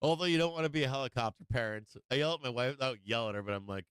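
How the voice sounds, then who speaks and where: A man's voice: mid-range voice, very fast, few pauses, fairly bright tone, clean tone, dry recording. A middle-aged man hosting a live stream from home, chatting in a rambling, casual way and greeting viewers by name. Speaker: live-stream market show host.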